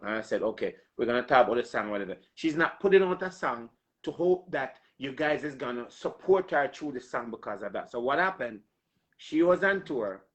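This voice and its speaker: A man hosting an interview, talking emphatically to his viewers with a lot of repetition. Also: mid-range voice. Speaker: interview host. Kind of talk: casual interview talk.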